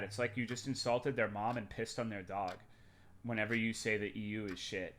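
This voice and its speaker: A man's voice: lowish voice, steady tone, normal speed, a bit bright, faint music behind. A young adult man streaming live, chatting casually with his chat in a crude, rambling, sarcastic way.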